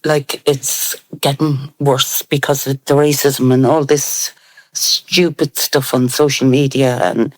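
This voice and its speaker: A man from Dublin telling wry stories at an unhurried pace during a group conversation. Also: mid-range voice, little pitch movement, no echo. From Dublin, Ireland. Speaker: panel guest.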